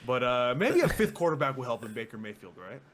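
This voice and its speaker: A young man co-hosting a sports podcast in casual chat, dry and sarcastic, often answering with short low remarks. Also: sing-song, fast, a crowd in the background. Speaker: podcast co-host.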